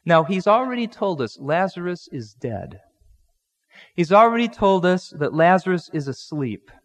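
A male pastor preaching a conversational sermon, acting out the people in the Bible story in everyday speech. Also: high voice. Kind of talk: expository sermon. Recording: long hall reverb.

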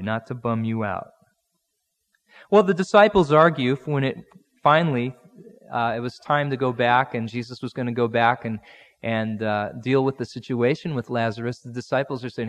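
A man's voice: medium pitch, moderate pace. A male pastor preaching a conversational sermon, acting out the people in the Bible story in everyday speech. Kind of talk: expository sermon. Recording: long hall reverb.

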